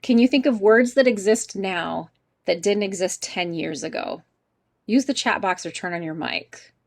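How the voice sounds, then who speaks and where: A chatty woman teaches an online English class over a video call mic. She laughs easily and keeps asking her students questions. Her voice sits at an ordinary middle pitch. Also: moderate pace, creaky.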